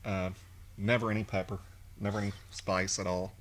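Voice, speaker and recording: A man's voice: fairly low pitch, flat delivery, moderate pace, slight background noise. A man co-hosting a casual review podcast, chatting with dry joking asides. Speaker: podcast co-host.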